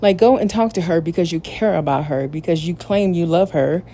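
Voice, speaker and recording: A woman's voice: on the low side, a little fast, dark tone, slight background noise. A woman hosting a podcast, recapping a reality show in a candid, opinionated, casual way. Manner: opinionated, candid, retells scenes in detail. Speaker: podcast host.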